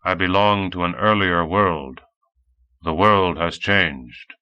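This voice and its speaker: A man's voice: low-pitched, takes it slowly, lo-fi sound. Man doing a droning old android robot. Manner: droning monotone. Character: old male android robot, flat and literal.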